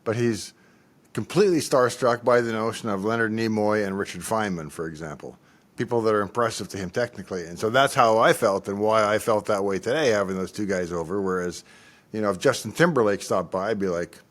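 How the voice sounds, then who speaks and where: Give me a man with a lowish voice answering viewer questions with dry humor. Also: fairly quick. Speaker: host. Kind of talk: casual livestream Q&A chat.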